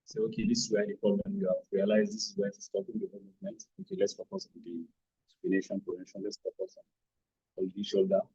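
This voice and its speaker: A man's voice: fairly low pitch, expressive, fast, vocal fry, dark tone, breathy edge. Man giving short physio commands. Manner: short commands mixed with explanations. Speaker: physiotherapy instructor. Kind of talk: hands-on demonstration with verbal cues. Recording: dull, lo-fi sound.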